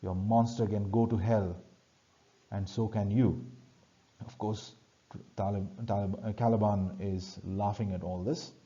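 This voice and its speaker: A man's voice: fairly low pitch, fairly even intonation, measured pace, dark tone, dull audio. A male teacher, explaining a play in a classroom lecture by reading lines aloud and then paraphrasing them plainly.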